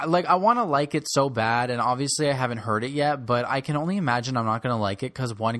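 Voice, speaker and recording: A young man hosts a solo commentary on pop music, snarky and blunt as he runs through the artists. His voice sits in a middle pitch. The sound is dry and close, with no room around it. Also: a bit bright, dry recording.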